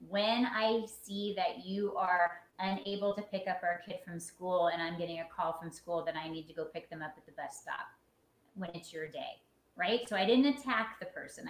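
A woman therapist calmly explaining relationship boundaries in a conversation, often checking that she is understood. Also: lowish voice, moderate pace. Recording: echoey room with faint noise.

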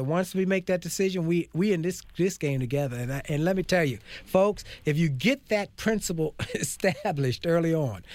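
A man in his fifties hosting a faith-based talk show, speaking in an animated, preachy way and calling out to his audience. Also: on the high side, no echo. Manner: preachy, animated, calls out to folks. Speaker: host.

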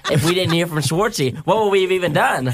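A man's voice: high voice, fast talker. A man co-hosting a radio show, talking emphatically and with disbelief. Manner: animated, emphatic, incredulous. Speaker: radio co-host. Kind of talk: casual chat.

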